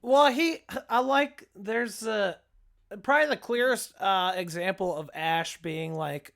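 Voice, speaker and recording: Man, podcast co-host, casual film chat, halting, lots of fillers. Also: sits high, creaky, a bit bright. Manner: chatty, halting with restarts and fillers.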